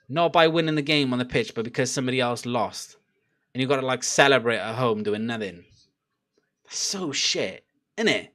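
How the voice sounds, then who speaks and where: Young male fan streamer, casual and animated, bouncy voice, loud yelps at near-misses. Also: medium pitch, normal speed. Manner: excitable, laughing, loud outbursts at chances. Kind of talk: live watchalong chat.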